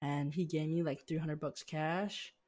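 A man's voice: fairly high pitch, fairly even intonation, measured pace, a little mellow. A young man, a podcast guest, telling personal stories with animation and acting out family dialogue. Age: young adult. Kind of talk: podcast interview storytelling.

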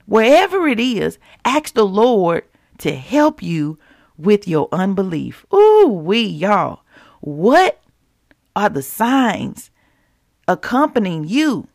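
Gravelly-voiced woman preaching casually. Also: mid-range voice, very animated, a little mellow, no room sound, clean studio sound. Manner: conversational, preachy, keeps it real with listeners; repeats scripture slowly for emphasis. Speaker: podcast preacher. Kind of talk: devotional podcast teaching.

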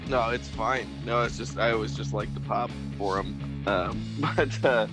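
Relaxed low-voiced man chatting. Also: measured pace, over music, rough recording. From Edwardsville, Illinois, USA. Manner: relaxed, laughing, filler-heavy. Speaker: podcast co-host. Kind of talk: casual wrestling podcast chat.

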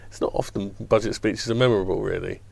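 Gravelly low-voiced man. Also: fairly even intonation, quick pace, darkish tone. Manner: wry, sardonic commentary. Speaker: education journalist on panel. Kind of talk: casual news discussion.

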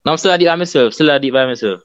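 Fast-talking Jamaican man, dull dry sound. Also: mid-range voice, dry recording. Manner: quick, relaxed patois talk. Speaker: guest skit creator. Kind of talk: casual interview chat.

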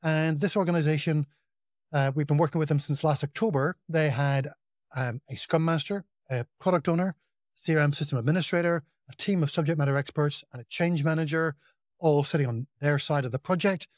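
A man talking casually as a podcast guest, telling work stories in a relaxed, self-deprecating way. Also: on the high side, fairly quick, no room sound, clean studio sound. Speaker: podcast guest, project implementation consultant. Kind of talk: casual conversational interview.

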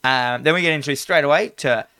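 A man's voice: a little high, dry recording, studio quality. A man, co-hosting a casual film review chat, swearing freely and laughing easily. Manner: swearing, animated, quick laughs. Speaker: podcast co-host.

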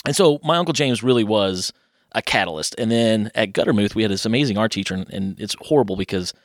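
Fast-talking man telling stories. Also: fairly low pitch, dry recording, clean studio sound. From Louisville, Kentucky. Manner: chatty, rambling, animated voices for quoted people. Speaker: podcast guest, artist. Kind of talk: casual interview storytelling.

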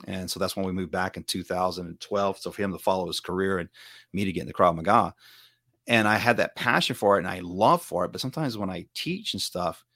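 Speaking in a low, slightly bright voice, this Southern U.S. man in middle age teaches martial arts and talks earnestly on a relaxed podcast. He rambles and keeps correcting himself, and the studio sound is clean with no room sound.

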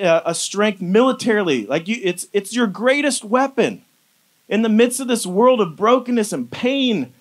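A pastor preaching a casual, conversational sermon, animated and sprinkled with fillers. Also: male voice, sits high.

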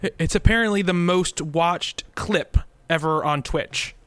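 A man's voice: sits high, measured pace, a bit bright, clear, resonant tone, no echo. A man co-hosting a gaming podcast, chatting casually and rambling with frequent fillers and restarts. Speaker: podcast co-host. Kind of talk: casual chat.

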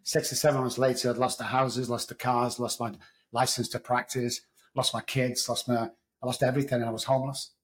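A middle-aged man with an English accent tells his own story as a podcast guest. He talks in a candid, raw way and swears freely. His voice sits at an ordinary middle pitch. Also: level tone, a little fast, low-quality recording. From England. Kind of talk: storytelling interview.

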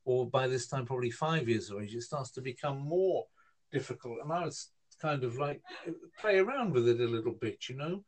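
A man in his fifties from northern England, speaking, telling a long personal story in a relaxed interview, with lots of fillers and restarts. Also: mid-range voice, normal speed. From Newcastle, northern England. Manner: rambling, hesitant, with many fillers and restarts. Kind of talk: casual storytelling conversation.

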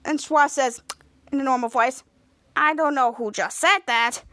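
A woman hosting a podcast, casually retelling a TV episode in a lively way and acting out the characters' lines as she goes. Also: high voice, measured pace, dry recording. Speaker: podcast host.

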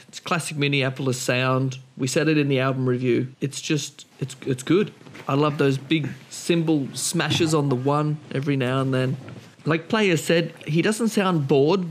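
A man's voice: a little high, normal speed, a little hiss or hum. A man on a music podcast giving blunt, plain opinions in casual chat.

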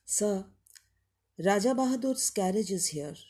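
A woman's voice: medium pitch, animated, unhurried, dark tone, husky. A woman voicing a timid, fearful old widow who pleads hesitantly. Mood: worried. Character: worried old widow landlady.

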